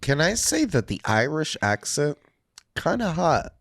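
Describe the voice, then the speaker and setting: A man co-hosting a podcast in casual chat, with a wry, drawn-out delivery. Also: a little high, big pitch swings, a bit bright, no room sound. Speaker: podcast co-host.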